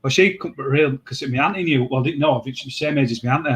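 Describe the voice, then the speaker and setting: A man hosts a relaxed conversation, rambling through his points and stopping to restart sentences. His voice sits at an average pitch for a man. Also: a little hiss or hum. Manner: rambling, halting, many restarts. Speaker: host. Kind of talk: casual chat.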